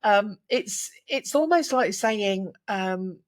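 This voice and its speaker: A woman guest on a podcast, a keynote speaker telling stories warmly and laughing easily. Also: mid-range voice, lively intonation, slow pace. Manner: warm storytelling, laughs easily. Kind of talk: casual interview chat.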